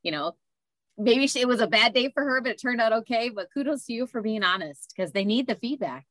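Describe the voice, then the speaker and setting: A woman hosting a podcast interview, talking in a calm, measured and affirming way. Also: a little high, no echo. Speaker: podcast host and author, autism parent. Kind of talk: interview conversation.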